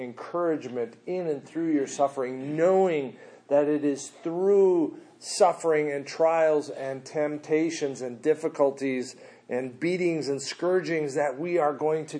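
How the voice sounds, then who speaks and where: A man preaching a sermon in a loose, slangy way, swinging between quiet asides and loud, animated bursts. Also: mid-range voice.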